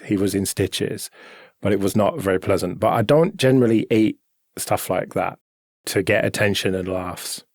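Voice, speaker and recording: A man on a podcast, talking in a relaxed, matter-of-fact way in casual chat. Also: lowish voice, dry recording, clean studio sound. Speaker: podcast host.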